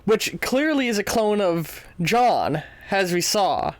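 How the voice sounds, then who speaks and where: A man streaming a casual read-along of a webcomic, reading the panel text and reacting out loud in an animated way. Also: sits high, slow pace, no room sound.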